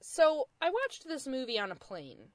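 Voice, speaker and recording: A woman's voice: high-pitched, wildly swooping pitch, measured pace, dry recording. Young American woman, dry close voice. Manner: thoughtful, hedging, with soft laughs. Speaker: podcast co-host. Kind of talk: casual chat.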